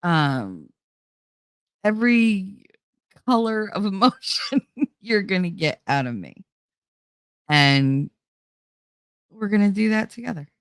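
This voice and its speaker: A woman's voice: mid-range voice, animated, slow, pauses often, clear, resonant tone, no room sound, clean studio sound. A middle-aged woman hosting her own show, chatting casually with viewers, laughing often and swearing freely. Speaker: host.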